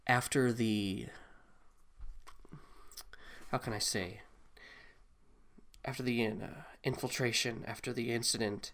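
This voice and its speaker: A man's voice: mid-range voice, steady tone, takes it slowly, long pauses, a bit bright. A man voicing a guilt-ridden middle-aged male leader, speaking hesitantly and sorrowfully. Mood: remorseful.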